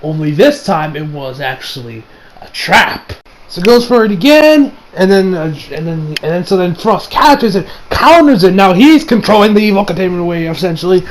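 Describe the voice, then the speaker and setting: Excitable male anime reviewer with a high voice, casual and profane. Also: normal speed, rough recording. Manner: excitable, swears freely, laughs often. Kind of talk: casual episode recap.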